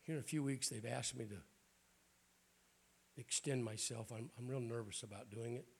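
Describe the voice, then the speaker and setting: A man's voice: mid-range voice, moderate pace, gravelly, slightly rough. An older man with a Southern accent preaching a sermon in a folksy, joking way. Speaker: bishop preaching.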